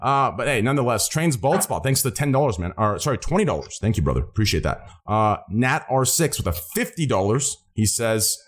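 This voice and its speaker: A man's voice: medium pitch, very animated, brisk, hardly any pauses. Hyped man reading out stream donations. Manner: hyped, joking, swears freely. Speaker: streamer hosting a charity stream.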